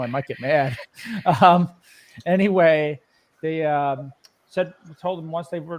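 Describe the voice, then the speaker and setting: A man with an East Coast Canadian accent chatting casually on a livestream, rambling and laughing often. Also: medium pitch. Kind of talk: casual chat.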